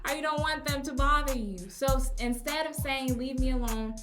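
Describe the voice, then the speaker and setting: A woman's voice: sits high, moderate pace, music in the background. A young woman hosting a casual advice podcast as a teacher, chatting and acting out phrases emphatically.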